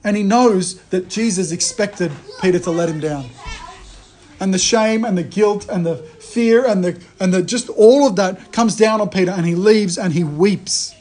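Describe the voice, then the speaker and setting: Guy with a high voice preaching casually, tells it like a story, keeps restarting his sentences. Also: normal speed. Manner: animated storytelling, frequent restarts. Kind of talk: conversational sermon.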